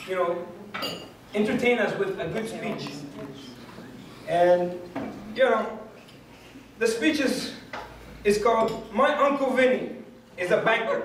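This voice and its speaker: A man acting as master of ceremonies, casually introducing the next speaker in a halting way with fillers. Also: sits high, fairly bright tone, a little hiss or hum. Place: restaurant dining room at a club event. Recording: very echoey room, distant mic, crowd and dishes.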